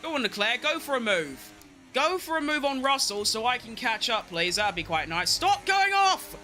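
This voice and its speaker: Man, racing-game streamer, excitable self-talk, lively swinging pitch, faint music behind. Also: moderate pace. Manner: excitable, talks to himself, self-mocking. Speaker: gaming streamer. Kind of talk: live racing-game commentary.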